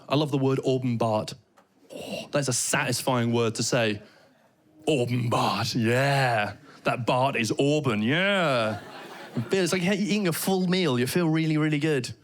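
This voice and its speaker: A British man doing stand-up comedy, telling animated stories and trying out mock Danish phrases. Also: medium pitch. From Britain. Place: theater stage before a laughing audience.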